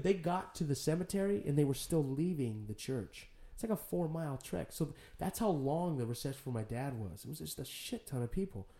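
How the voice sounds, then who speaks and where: A man from San Jose speaks as a podcast guest, his voice sitting a bit higher than most men's. He talks loosely and animatedly, dropping curse words as he tells personal stories. The sound carries a noticeable room echo. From San Jose, California. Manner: animated, swears freely, storytelling. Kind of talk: casual podcast conversation. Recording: roomy echo.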